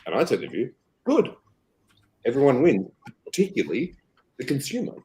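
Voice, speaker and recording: A man with an Australian accent, a guest on a casual podcast interview, rambling and animated as he tells stories. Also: medium pitch, moderate pace, poor audio. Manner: animated, rambling, quotes others in acted voices. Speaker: association chief guest.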